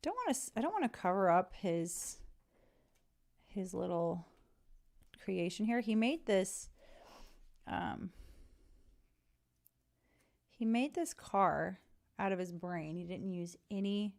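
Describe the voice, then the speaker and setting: A woman's voice: mid-range voice, lively intonation, slow pace, gravelly, long pauses, darkish tone. A middle-aged woman vlogging as she works on a journal page, chatting in a rambling, friendly way and talking to her viewers. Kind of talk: casual chat while crafting.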